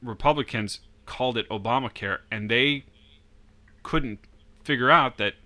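A man argues his points earnestly in casual political chat, leaning hard on emphasis. His voice is bright and forward, at an ordinary middle pitch. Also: a little slow.

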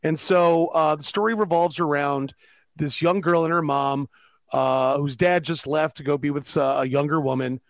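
A man with a gravelly, fry-laced voice that sits a little high for a man, co-hosting a casual film review. He talks sarcastically, swears freely and fills his sentences with "uh" and "like". The sound is dry and close, with no room around it. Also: dry recording. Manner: profane, sarcastic, filler-heavy. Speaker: podcast co-host.

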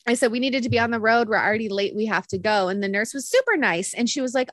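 A young woman telling a story on a podcast, animated and laughing often as she acts out what others said. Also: a little high, quick pace, few pauses, dry recording. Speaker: podcast co-host. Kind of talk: casual storytelling chat.

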